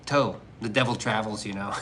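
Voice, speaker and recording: A man's voice: on the low side, unhurried, fairly bright tone, slight background noise. Profane joking male streamer. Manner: profane, joking, rambling banter. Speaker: livestreamer reading chat. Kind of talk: casual livestream chat.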